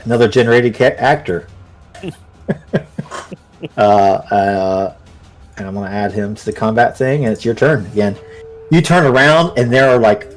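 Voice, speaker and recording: A man running a tabletop role-playing game as game master, narrating in a relaxed, chatty way with many fillers. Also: on the low side.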